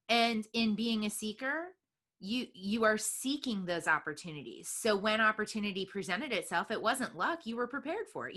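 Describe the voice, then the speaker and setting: Bright-voiced woman hosting a podcast. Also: a little high. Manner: encouraging, affirming, reflective. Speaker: podcast host. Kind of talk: podcast interview conversation.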